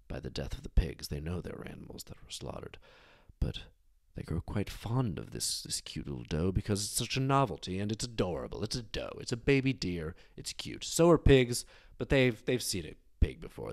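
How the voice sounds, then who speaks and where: A man hosting a storytelling show, narrating a dark tale casually with wry, digressive asides. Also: deep voice, gravelly, no echo, studio quality. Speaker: storyteller host.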